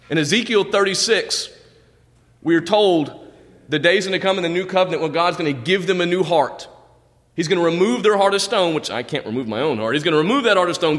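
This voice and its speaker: A man's voice: on the high side, animated, brisk, a bit bright, long reverb tail. A male pastor preaching a sermon, quoting scripture with dramatic swings in delivery. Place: church sanctuary.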